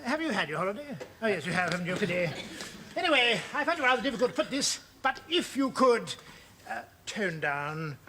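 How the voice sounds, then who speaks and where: A vague, pompous office manager, who halts and chuckles. His voice sits quite high, and a steady hiss runs under the old television soundtrack. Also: full character voice. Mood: dithering. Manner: hesitant, halting, chuckling. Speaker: boss in a sitcom.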